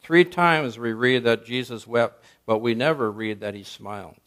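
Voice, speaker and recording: A man's voice: mid-range voice, normal speed, a bit bright, lightly acted. A man playing a stern-faced preacher.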